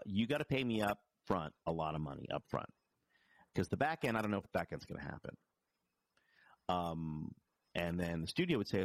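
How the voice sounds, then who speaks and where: A man's voice: deep voice, no echo. A man who works as a TV writer, chatting casually and acting out quoted dialogue as he tells stories. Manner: animated storyteller, acts out quoted dialogue. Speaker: TV writer and producer. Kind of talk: casual conversation.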